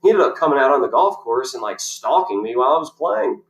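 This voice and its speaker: With a mid-range, creaky voice, a male pro golfer talks very animatedly and quickly as a podcast guest. His long, casual stories ramble with many fillers and restarts, and the recording carries a roomy echo plus background noise.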